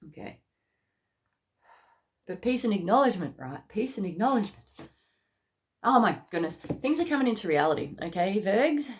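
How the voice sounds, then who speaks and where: A woman's voice: medium pitch, sing-song, normal speed, pauses often. An Australian woman with a cough, giving a casual, bubbly spiritual card reading full of slang and laughter. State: has a cough. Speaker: tarot card reader.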